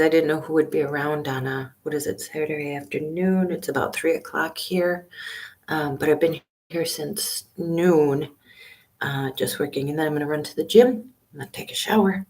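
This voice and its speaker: A van-life vlogger in her fifties hosts a live stream from a small library study room, chatting casually with viewers in a hushed, half-whispered voice full of fillers. Her voice is deep, and she's using her laptop's webcam and built-in mic.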